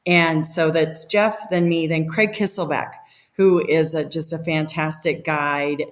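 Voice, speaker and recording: A middle-aged woman telling a story as a podcast guest, animated and laughing, acting out the quotes. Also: deep voice, measured pace. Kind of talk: casual storytelling.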